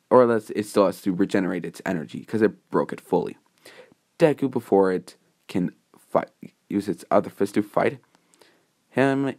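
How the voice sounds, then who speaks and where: A man's voice: fairly low pitch, darkish tone. A man narrating a fan-made story in a casual, improvised way, rambling with fillers and self-corrections.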